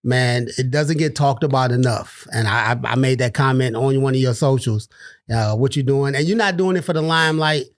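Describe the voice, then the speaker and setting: A man's voice: medium pitch, fairly even intonation, moderate pace, dry recording, clean studio sound. A middle-aged man from Detroit, co-hosting a sports podcast in laid-back casual chat, dropping "man" often. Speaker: podcast co-host.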